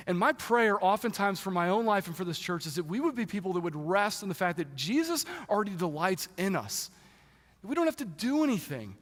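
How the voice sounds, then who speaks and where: A young adult man, a pastor, delivering a sermon in a lively, conversational way in a church. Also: sits high, brisk. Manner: animated, conversational preaching. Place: church sanctuary. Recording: long church hall reverb.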